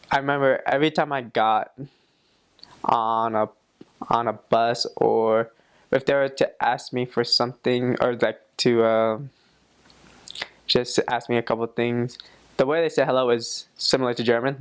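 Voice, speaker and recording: Young guy rambling about his trip, smooth clear voice, mid pitch, laughs at himself. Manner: loose and chatty, many fillers, laughs at himself. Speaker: traveler sharing experiences. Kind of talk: casual vlog talk.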